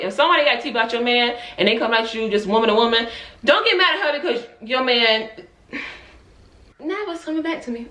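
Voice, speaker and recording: Animated young woman telling a story. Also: reverberant. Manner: animated, acts out quotes in high voices, laughs often. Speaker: vlogger. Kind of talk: casual storytelling.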